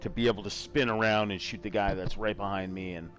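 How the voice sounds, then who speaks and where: A man's voice: fairly low pitch, steady tone, quick pace, fairly bright tone. A middle-aged man hosting a casual gaming chat show, talking in a rambling, self-deprecating way. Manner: rambling, self-deprecating, slips into a joking put-on accent. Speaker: podcast host.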